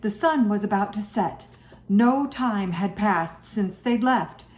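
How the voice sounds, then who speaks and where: Woman teacher for a read-aloud, slow and animated, in an echoey room. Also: mid-range voice. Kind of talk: reading a chapter book aloud to students.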